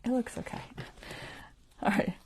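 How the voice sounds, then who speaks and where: A woman's voice: measured pace, darkish tone, a little hiss or hum. A woman hosting a crafting livestream, talking to herself and her viewers as she sews, poking fun at her own mistakes. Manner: self-deprecating, talks to herself while sewing. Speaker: craft channel host. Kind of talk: casual livestream crafting talk. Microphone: clip-on mic.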